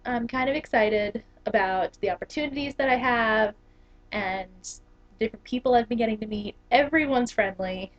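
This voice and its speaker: A young English teacher in her twenties chats casually to the camera in a vlog, her voice fairly high and at normal speed. She's chatty and giggly, using lots of fillers and laughs, and the camera audio sounds dull and lo-fi.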